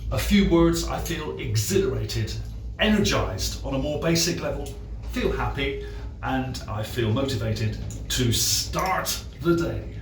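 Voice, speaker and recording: Soft music sits in the background as a man with a mid-range voice and a British English accent teaches running words at an outdoor track. His slow vocabulary lesson comes with commentary, plain phrasing, frequent fillers and a halting delivery.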